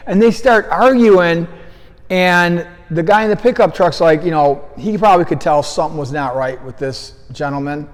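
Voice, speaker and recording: Higher-voiced man telling a rambling story. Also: moderate pace. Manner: rambling storyteller who acts out quoted lines in a raised voice. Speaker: fitness coach and gym founder. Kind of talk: casual spoken anecdote. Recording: long hall reverb.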